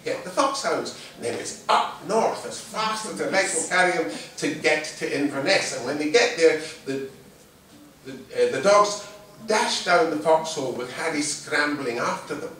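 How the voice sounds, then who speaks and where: A man telling a folk tale live in a lively, humorous way, heard from a distant mic in a very echoey room. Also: a little high, moderate pace, a little hiss or hum. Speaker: storyteller.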